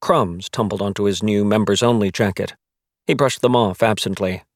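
A man reading a novel aloud as its narrator, telling the story in a measured, wry way. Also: lowish voice, no room sound, clean studio sound. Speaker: audiobook narrator. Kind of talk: scripted narration.

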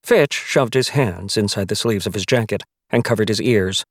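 A man reading a novel aloud as its narrator, telling the story in a measured, wry way. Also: lowish voice, no room sound, studio quality. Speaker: audiobook narrator. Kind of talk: scripted narration.

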